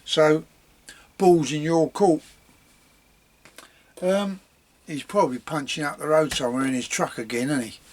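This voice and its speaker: Bloke chatting away about his leather bits, rambly, slightly higher voice, chuckles a lot. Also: unhurried, pauses often, slight background noise. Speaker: leatherworking hobbyist. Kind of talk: casual workshop vlog.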